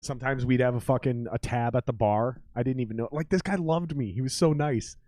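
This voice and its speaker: A man's voice: mid-range voice, fairly quick, warm tone, no room sound. A man hosting a podcast, telling profane bar stories in casual chat and laughing often. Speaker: podcast host.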